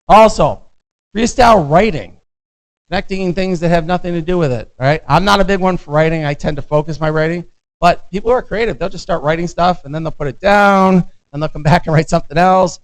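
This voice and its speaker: A man's voice: on the high side, rough recording. A middle-aged American man giving a lecture as a visiting professor, in a conversational way that keeps checking in with the class. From United States.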